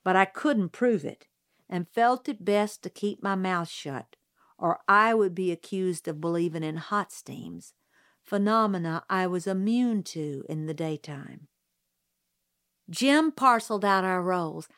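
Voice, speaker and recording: Her lowish voice carries a novel's scripted narration in a measured, even storytelling style, as befits an audiobook reader. The studio sound is clean, with no echo.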